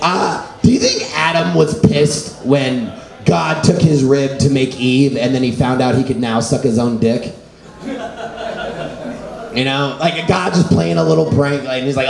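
A man's voice: medium pitch, a little slow, creaky, crowd noise. A man doing a stand-up comedy set at an open mic, rambling and filler-heavy. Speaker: stand-up comic. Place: small comedy venue with an audience. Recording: echoey room with audience noise.

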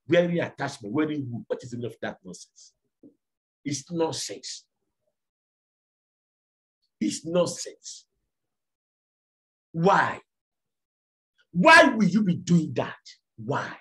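A man preaching a fiery sermon, repeating lines and firing off rhetorical questions. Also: medium pitch.

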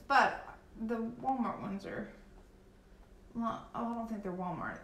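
A woman's voice: mid-range voice, slow pace, long pauses, fairly bright tone. A young adult woman with a Southern US accent chatting casually while painting on a live stream, reading and answering viewer comments. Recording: echoey room with faint background noise.

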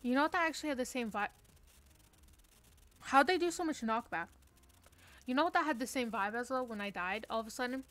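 A woman's voice: fairly high pitch, lively intonation, fairly quick, long pauses, fairly bright tone. A young woman streaming a game from her room, chatting casually with playful, self-mocking trash talk. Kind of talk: casual live-stream chat while gaming.

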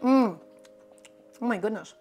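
A woman from Brooklyn with a New York accent and a slight speech impediment that softens her R sounds, chatting with viewers during a live cooking stream. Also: fairly high pitch, measured pace, soft background music. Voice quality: cannot pronounce R sounds. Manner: chatty, talks directly to viewers.

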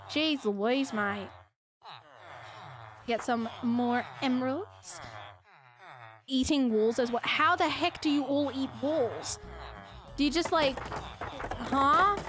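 A woman streaming a game live, chatting casually and reacting to chat messages with incredulous exclamations. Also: sits high.

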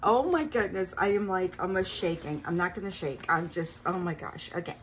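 A woman, vlogging an unboxing with gushing, breathless excitement and frequent gasps. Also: on the low side, normal speed, slight background noise, poor audio. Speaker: crafting vlogger. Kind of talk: unboxing vlog chat.

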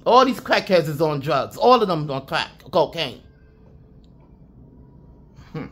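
A woman's voice: low-pitched, sing-song, takes it slowly, soft background music. A woman giving a casual spiritual reading to her viewers, talking emphatically with plenty of swearing, repeating herself and chuckling often. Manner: profane, emphatic, repeats "I'm telling you". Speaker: intuitive reader.

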